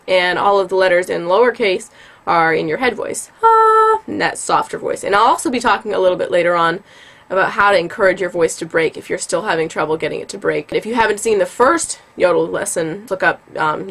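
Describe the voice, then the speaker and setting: A woman with the tail end of a cold giving a casual yodeling lesson, explaining slowly and patiently with many ums. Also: lowish voice, a bit bright. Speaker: yodeling teacher.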